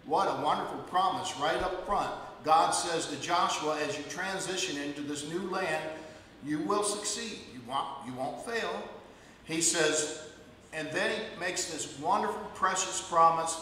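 A male pastor preaching a sermon in a church, emphatic and building to loud declarations. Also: a little high, a little slow, slight background noise. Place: church sanctuary. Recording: echoey hall, voice from far off.

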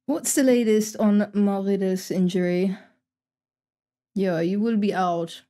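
A woman's voice: medium pitch, steady tone, slow pace, mellow. A young Dutch woman with a Dutch accent, chatting casually as she streams a game, reading chat aloud and answering with wry asides. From Netherlands. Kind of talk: casual gameplay commentary to live chat.

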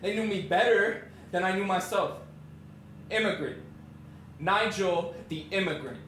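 A man's voice: sits high, measured pace, slight background noise. A man playing a brash streetwise young guy. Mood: swaggering. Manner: streetwise slangy storytelling, shouting bursts. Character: brash young Canadian man telling of a half-brother. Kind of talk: stage monologue. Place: theatre stage. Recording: echoey stage from far off.

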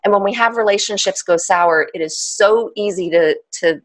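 A woman, a trauma specialist explaining ideas as a podcast guest, animated and laughing often. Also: medium pitch, normal speed. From United States. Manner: animated, laughs often, acts out inner voices.

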